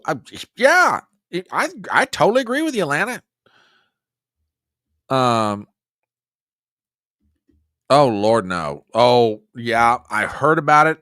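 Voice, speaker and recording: Host type, man, exasperated commentary, very lively pitch, dry sound. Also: no echo. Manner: exasperated, talks back to clips and chat. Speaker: host of a political commentary show. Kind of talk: livestream commentary reacting to clips.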